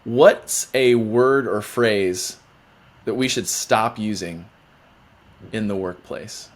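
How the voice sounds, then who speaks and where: A man's voice: on the low side, takes it slowly. A man hosting a casual podcast interview, asking lighthearted questions in a playful way. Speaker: podcast host.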